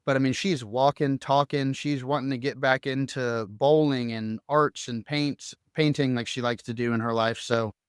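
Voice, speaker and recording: A man's voice: medium pitch, fairly even intonation, moderate pace, few pauses, clear, resonant tone, dry recording, clean studio sound. A young adult man co-hosting a podcast, telling a personal story casually and animatedly, full of fillers and acted-out quotes. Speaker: podcast co-host.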